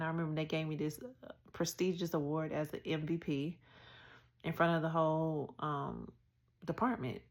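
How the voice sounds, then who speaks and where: A woman with a low, gravelly voice tells her own story in an open, animated way. She slips into the people she quotes as she goes. It feels like relaxed personal storytelling. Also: normal speed. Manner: candid, animated retelling with acted quotes. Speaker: podcast host.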